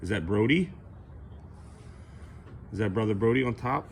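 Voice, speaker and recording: Playful coaxing dad, low lively voice. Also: male voice, moderate pace, a little hiss or hum. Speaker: father. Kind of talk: casual vlog talk to his young son.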